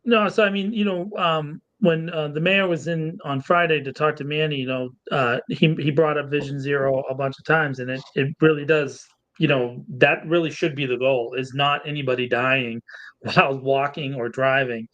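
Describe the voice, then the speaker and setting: A man's voice: a little high, steady tone, normal speed, fairly bright tone, muffled recording. A man co-hosting a local podcast, chatting in a loose, friendly way, laughing often and repeating words. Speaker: podcast co-host. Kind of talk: casual podcast chat.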